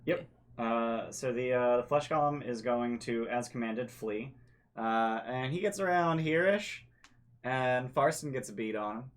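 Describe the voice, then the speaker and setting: A man's voice: medium pitch, unhurried. Hesitant man running a tabletop game. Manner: hesitant, many fillers while describing the scene. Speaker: game master.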